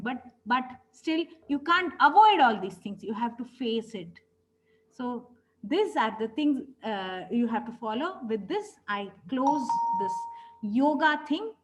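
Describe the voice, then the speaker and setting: A woman's voice: fairly high pitch, expressive, a little slow, a bit bright, rough recording. A woman, teaching yoga philosophy in an earnest, storytelling way and often stopping to correct herself. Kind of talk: spiritual teaching talk.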